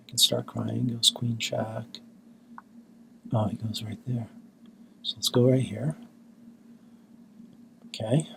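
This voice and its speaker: A tired man giving self-mocking, deadpan commentary on his own blitz chess games. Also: fairly low pitch, measured pace, vocal fry, pauses often, a little hiss or hum. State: exhausted. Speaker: chess channel host.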